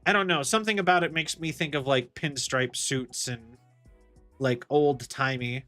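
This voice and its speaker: A man's voice: mid-range voice, moderate pace, pushed and bright. Man, streamer, casual rambling chat, laughs a lot, faint music behind. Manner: rambling, chatty, laughs often, many restarts. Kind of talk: casual chat while gaming.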